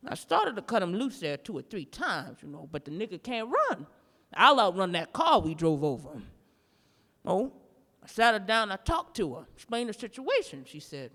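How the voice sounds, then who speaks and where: A woman performing a standup comedy routine live, telling a story in a brash, profane, animated way. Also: medium pitch, normal speed, big-room sound. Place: live performance in a gallery space.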